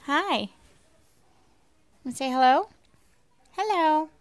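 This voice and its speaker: Slow-talking woman in sing-song baby talk. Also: sits high, animated. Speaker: parent filming her baby. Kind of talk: baby talk, home video.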